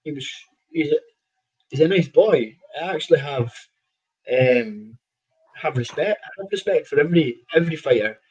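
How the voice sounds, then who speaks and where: Boxer, rambling, lo-fi call. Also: male voice, fairly high pitch, lively intonation, moderate pace, a little mellow, breathy edge. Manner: rambling, restarts, laughs at own stories. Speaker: professional boxer, guest. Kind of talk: casual interview chat.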